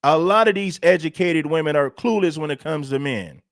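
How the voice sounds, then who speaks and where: Male host, preachy, repeats his points, slightly high voice, dry close sound. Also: normal speed, no room sound. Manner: preachy, emphatic and repetitive. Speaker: show host. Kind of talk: livestream commentary.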